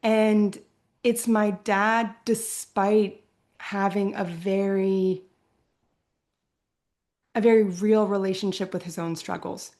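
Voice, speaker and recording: A young adult woman from Virginia speaks as an interview guest in an earnest, reflective way. Her pitch sits in the middle range, and she often closes her thoughts with a soft "right?". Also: fairly even intonation, slow pace, long pauses.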